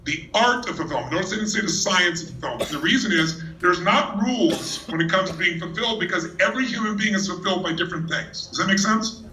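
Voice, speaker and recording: A man giving a motivational talk on stage to a live audience, telling stories in an energetic, emphatic way. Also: sits high, fast, slight background noise. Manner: energetic storyteller, teasing and emphatic. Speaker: motivational speaker. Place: large hall with a live audience. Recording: echoey hall from far off.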